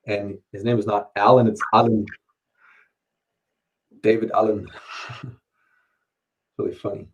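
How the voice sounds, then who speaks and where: A man's voice: on the low side, level tone, moderate pace, pauses often, darkish tone, breathy edge, highs cut off. A man chatting casually at home, rambling, swearing and laughing often. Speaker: streamer. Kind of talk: casual chat. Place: home, under curfew.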